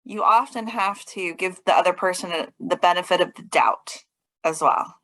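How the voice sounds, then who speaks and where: A woman's voice: on the low side, moderate pace, a bit bright, rough recording. A woman co-hosting a podcast in casual chat, thoughtful, with hesitant starts. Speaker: podcast co-host.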